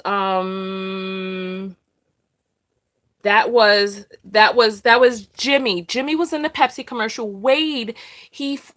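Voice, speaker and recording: This is a woman hosting a live stream, speaking in a loose, conversational way. Her voice sits a little high. She circles back over her points and keeps checking in with "right?". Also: a bit bright. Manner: chatty, repeats herself, asks "right?". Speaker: host of a live discussion. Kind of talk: casual live-stream commentary.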